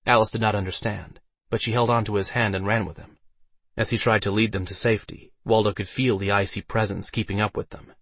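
Husky, low-voiced male audiobook narrator. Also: fairly quick, no room sound. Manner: steady storytelling delivery.

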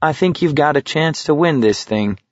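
Wry, teasing young walker, higher than the reader's own voice, done by a male narrator. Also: expressive, normal speed, no room sound, close to an everyday voice. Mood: probing. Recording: dull, slightly muffled.

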